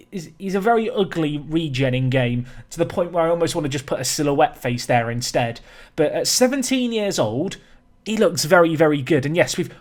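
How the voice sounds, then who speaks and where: A young man talks through a football management game in a chatty, animated way, with his voice sitting a little high. He plays up mock outrage and often trips over and repeats his words. The delivery is casual gaming commentary from a series host. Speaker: let's-play host.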